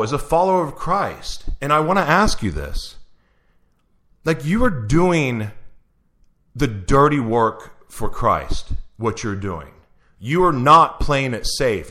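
A man's voice: mid-range voice, fairly bright tone. A man hosting an interview, asking earnest, searching questions with frequent restarts. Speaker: interview host. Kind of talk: conversational interview.

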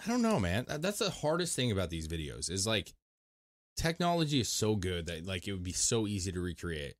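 Low-voiced rambling man, lively pitch. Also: a little fast. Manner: rambling, swearing, lots of filler words. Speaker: podcast co-host. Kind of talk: casual chat.

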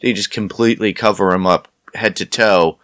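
Low-voiced man in a dry room. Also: steady tone, a bit bright, no room sound. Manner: laid-back, quick agreeing replies. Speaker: podcast co-host. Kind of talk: casual TV recap chat.

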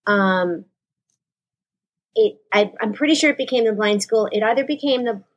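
A woman's voice: mid-range voice, moderate pace, muffled recording. A woman in her fifties, a guest, telling an emotional story in a rambling way and correcting herself as she goes. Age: 50s. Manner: rambling, self-correcting recollection. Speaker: actress guest.

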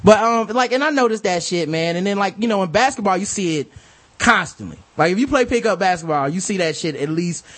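A man co-hosting a casual podcast chat, animated and profane, acting out other people's lines as he talks. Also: sits high, a little fast. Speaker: podcast co-host.

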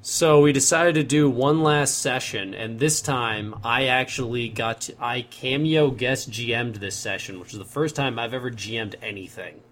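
A man's voice: mid-range voice, moderate pace, hardly any pauses, a bit bright. A young man in casual chat, telling a long story in a rambling way and correcting himself as he goes.

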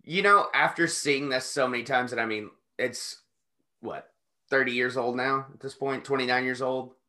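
A man's voice: mid-range voice, moderate pace, pushed and bright. A man co-hosting a podcast, cracking wry jokes and calling out timestamps in a casual chat. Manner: wry, joking, keeps count aloud. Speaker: podcast co-host. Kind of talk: casual watch-along chat.

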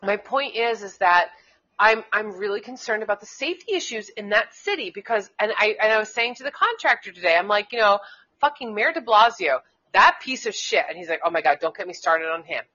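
A woman's voice: medium pitch, lively intonation, brisk, pushed and bright. A woman co-hosting a casual political talk show, speaking heatedly and in a rambling way, with many restarts and curses. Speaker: co-host; schoolteacher. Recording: dull lo-fi internet radio sound.

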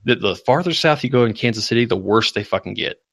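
A man hosting a prank-call show, talking fast and teasing, with profanity. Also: medium pitch, expressive, dry recording. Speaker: host. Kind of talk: casual chat.

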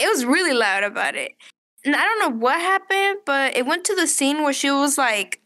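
A woman's voice: high-pitched, bright, forceful tone. A woman guest in a casual chat, telling a rambling story full of "like" and "you know". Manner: rambling storyteller, heavy use of "like".

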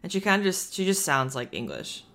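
A woman's voice: lowish voice, lively intonation, a little fast, a bit bright. A woman co-hosting a casual book discussion podcast, speaking in a blunt, wry, conversational way. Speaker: podcast co-host.

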